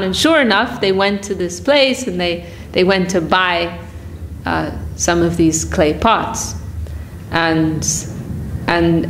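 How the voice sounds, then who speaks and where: A woman leads a morning devotional class, retelling a saint's story at a slow, unhurried pace. Her pitch sits in the middle of the usual range, and she often restarts phrases and breaks into soft laughs as she goes. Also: a little hiss or hum. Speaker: class speaker.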